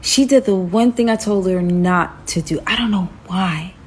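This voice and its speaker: A young adult woman telling a casual storytime. She is animated and talks in quick bursts, then drops hushed and tense as the story turns scary. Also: mid-range voice, a little hiss or hum.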